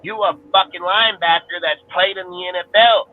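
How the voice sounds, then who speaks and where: A man's voice: high-pitched, steady tone. Cursing Californian man ranting over a tinny line. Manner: angry, swears constantly, rapid restarts. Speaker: panelist on a fan sports show. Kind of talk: heated profane sports rant.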